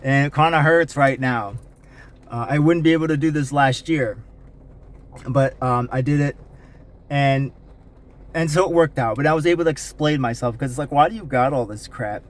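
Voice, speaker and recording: A man's voice: on the high side, steady tone, moderate pace, pauses often. Man rambling candidly in a vlog. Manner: rambling, candid, frequent fillers and restarts. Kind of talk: casual personal vlog. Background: faint rain.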